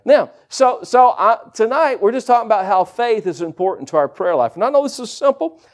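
Animated high-voiced male preacher. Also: brisk. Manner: animated, conversational, folksy asides. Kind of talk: sermon. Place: church service with congregation.

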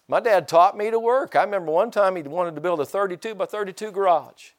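In a high voice and at a quick clip, an older Indiana pastor delivers a folksy sermon. He often calls out to the congregation for amens.

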